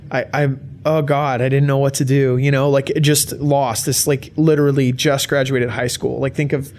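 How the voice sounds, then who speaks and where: A young adult man giving a personal testimony to an audience, halting and emotional, with many restarts. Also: medium pitch, flat delivery, a little mellow, a little hiss or hum. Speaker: guest speaker.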